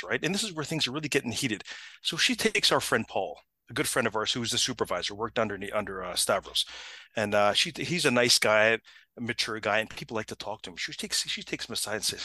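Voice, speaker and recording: A man telling a story in a casual chat, animated and acting out the people he quotes. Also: quick pace, husky, dry recording. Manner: animated, acts out quotes with big pitch jumps, frequent restarts.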